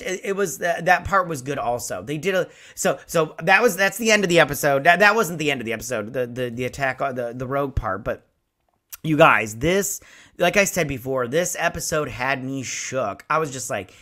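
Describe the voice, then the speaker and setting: A man in his forties hosting a casual episode review, excitable and rambling, with a lot of swearing. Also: medium pitch, brisk. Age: 40s. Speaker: show host.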